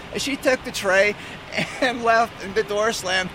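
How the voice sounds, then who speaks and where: A male airline pilot tells a story in a relaxed, amused way, stumbling over a word now and then. His voice sits high for a man. Steady outdoor vehicle noise runs clearly behind him. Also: a little slow. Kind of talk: casual anecdote telling.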